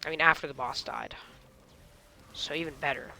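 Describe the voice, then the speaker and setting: A man giving live gameplay commentary, excitable and talking to himself and his enemies, with mock British slang now and then. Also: fairly high pitch, normal speed, vocal fry. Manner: excitable, talks to himself and the enemies mid-fight. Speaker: gaming channel host.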